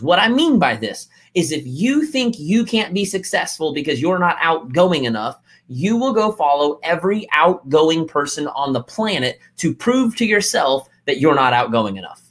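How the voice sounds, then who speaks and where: Male coach, motivational talk, lively pitch that swoops up and down, emphatic, repeats his points. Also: normal speed, hardly any pauses. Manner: emphatic, repeats key lines, acts out quotes.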